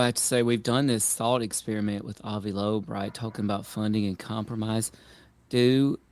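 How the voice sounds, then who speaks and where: Gravelly low-voiced podcast host. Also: male voice, darkish tone. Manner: musing, easygoing. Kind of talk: casual chat.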